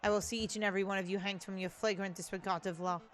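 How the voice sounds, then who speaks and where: A woman's voice: medium pitch, steady tone, rapid-fire, soft background music, lightly acted. A woman voicing an arrogant male pig police inspector in a game, haughty and indignant.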